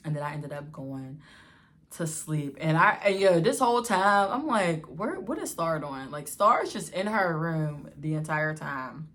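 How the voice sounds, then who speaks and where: Low-voiced woman telling a lively story. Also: a little slow. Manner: animated, slangy storytelling, acting out quotes. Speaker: vlogger. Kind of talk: casual storytime.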